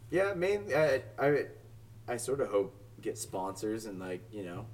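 A man's voice: lowish voice, very animated, unhurried. A young man co-hosting a casual podcast chat, laid-back and swearing often. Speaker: podcast co-host. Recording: distant from the mic.

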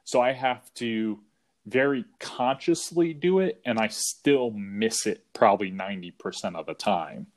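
Male podcast host from the US Northeast, lower voice, easygoing and rambling. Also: measured pace. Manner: relaxed, rambling, frequent fillers. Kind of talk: casual interview chat.

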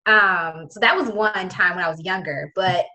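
This guest is a young woman from around Prince George's County, Maryland, recounting something that happened to her in a casual way, with plenty of fillers and voices she quotes. She speaks at a moderate pace in a lowish, sharp-toned voice, and the recording is rough.

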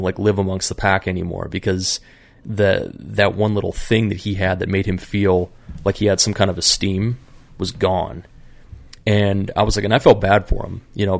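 Casting note: very low, gravelly male voice, loose profane storyteller, dry close mic. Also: no room sound. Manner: rambling, profane, many fillers. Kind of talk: casual storytelling.

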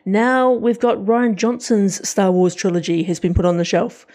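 A woman co-hosting a casual podcast, talking with eager enthusiasm and frequent restarts. Her voice is warm and mellow rather than bright. She sits at a medium pitch. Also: steady tone, moderate pace. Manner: enthusiastic, chatty, many restarts. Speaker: podcast co-host. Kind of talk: casual pop-culture chat.

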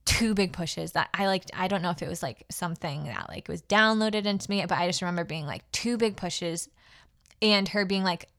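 A woman's voice: fairly low pitch, brisk, fairly bright tone. Heartfelt woman telling a personal story. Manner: casual, heartfelt, many fillers and restarts. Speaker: podcast host.

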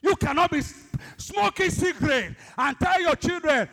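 Male pastor, exhorting sermon, high-pitched and very animated. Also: moderate pace. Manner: exhorting, calls the congregation to respond; swings between loud high bursts and low asides.

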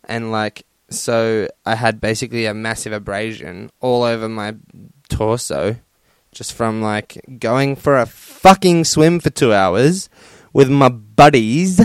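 Crude, profane young podcaster. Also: male voice, lowish voice, slow, clean tone, no echo. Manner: crude, profane and laughing, with lots of fillers. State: sunburnt and hot. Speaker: podcast host. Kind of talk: casual solo podcast rant. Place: his room at home.

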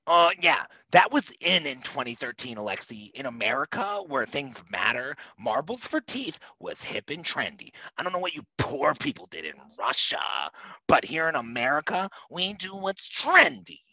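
A man's voice: medium pitch, sing-song, moderate pace, pushed and bright, dry recording, full character voice. Spoiled, foul-mouthed wife, played by a man: sneering and crude, swings up and down a lot; slightly dull, dry audio. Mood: scornful. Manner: crude, sneering, swears constantly. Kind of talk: comedy sketch acting.

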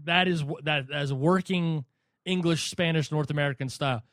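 A man co-hosting a casual boxing podcast, animated and quick to laugh as he mocks how names get pronounced. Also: fairly high pitch, no room sound, studio quality. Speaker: podcast co-host.

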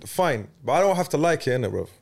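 A man hosting a casual podcast chat, animated and slangy, getting loud when excited. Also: on the high side, quick pace, gravelly. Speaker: podcast host.

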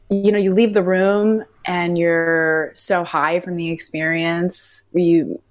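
A woman in her thirties, an actress telling audition stories in an interview, chatty with halting restarts. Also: lowish voice. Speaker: actress guest. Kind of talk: casual interview anecdotes.

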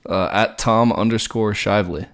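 A man's voice: lowish voice, steady tone, moderate pace, a bit bright. A man co-hosting a podcast, chatting casually in a rambling, hesitant, wry way. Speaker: podcast co-host.

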